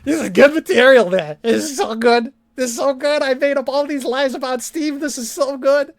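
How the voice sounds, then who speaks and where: A man's voice: very high-pitched, normal speed, pitched above the performer's own voice. A man mocking a smug, gloating guy. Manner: sneering mock imitation. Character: smug gloating male guest being mocked.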